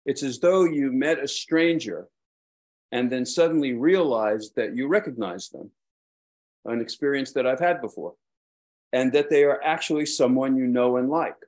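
A man's voice: mid-range voice, normal speed, a little mellow. A man with a Brooklyn accent giving a dharma talk as a Buddhist teacher, rambling and self-deprecating, with frequent hesitations.

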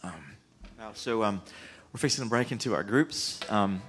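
A man's voice: on the low side, moderate pace, a bit bright, slight background noise. A man, a youth pastor speaking casually and emotionally to a church youth group, with many ums and restarts.

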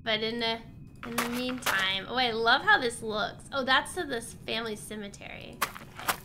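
A woman's voice: a little high, moderate pace, background noise. A young woman streaming a game, chatting and thanking viewers in a bubbly way. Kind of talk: casual gameplay commentary.

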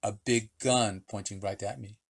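A man voicing a very old storyteller, speaking broken English with dramatic pauses and slow punchlines. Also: lowish voice, steady tone, vocal fry. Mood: playful. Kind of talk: storytelling for children.

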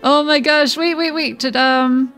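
Woman, game streamer, giggly, chatty, high voice, slow delivery. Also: fairly even intonation, a bit bright, faint music behind. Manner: giggly, reads game text aloud, chats with viewers. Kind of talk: let's-play livestream commentary.

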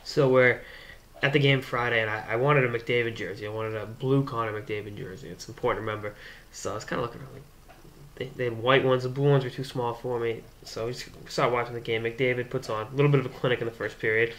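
A young Boston-area man, a hockey blogger who hosts his own show, rambles casually through a long anecdote, often restarting sentences as he builds it. His mid-range voice is bright and forward, steady in tone and quick in pace, with a slight hiss or hum in the audio.

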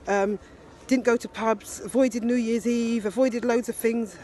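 A woman's voice: a little high, steady tone, dark tone, slight background noise. Heartfelt woman in her fifties. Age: 50s. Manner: heartfelt, halting, many fillers. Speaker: video diarist. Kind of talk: personal video diary. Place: ski resort and restaurant abroad.

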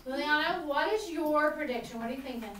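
Lively woman teacher in a classroom. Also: sits high, brisk. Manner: lively, prompting the class with fill-in-the-blank sentences. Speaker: elementary school teacher. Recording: roomy classroom audio from a distant mic. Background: children's voices and classroom noise.

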